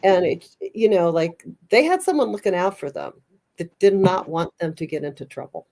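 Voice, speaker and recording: Low-voiced chatty woman telling stories. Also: big pitch swings, normal speed, a little mellow. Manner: chatty, rambling storyteller with frequent restarts. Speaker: podcast host. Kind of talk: casual chat.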